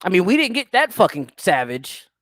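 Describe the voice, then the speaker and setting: A man's voice: high voice, moderate pace, dry recording, clean studio sound. A man hosting a livestream talk show, ranting casually and profanely while answering viewer comments. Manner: profane, animated rant.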